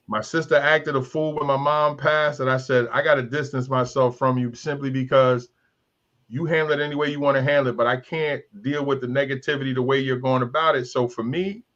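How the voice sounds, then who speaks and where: A man in his fifties leads a candid panel talk, making his points through stories and by acting out other people's voices. His voice sits a little high for a man. The stream audio is dull and lo-fi. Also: fairly bright tone. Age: 50s. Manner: storytelling, acts out voices of others. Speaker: talk show host.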